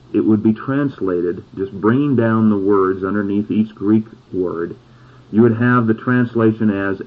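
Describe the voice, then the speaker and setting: Husky low-voiced male preacher, tinny sound. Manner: slow, deliberate scripture reading with emphatic pauses. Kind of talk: sermon.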